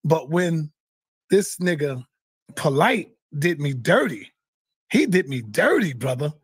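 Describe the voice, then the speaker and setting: A man telling a heated, profane story in casual talk, often shouting. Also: fairly high pitch, very animated, slow pace, slightly rough, no room sound, clean studio sound. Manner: swears a lot, heated. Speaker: guest. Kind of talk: animated storytelling.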